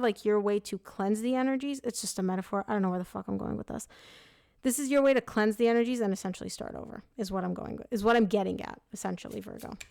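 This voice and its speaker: A woman's voice: medium pitch, a little mellow, clean tone, no echo. Chatty young woman reading tarot. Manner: chatty, frank, full of "like" and self-corrections. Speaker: tarot reader. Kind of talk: casual tarot reading to camera.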